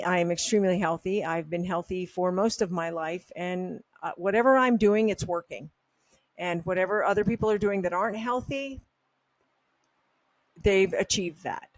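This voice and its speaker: Woman host, casual health vlog, candid, opinionated rambler, mid pitch, dry close sound. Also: no room sound. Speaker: health supplement brand host. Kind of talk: casual talking-head monologue.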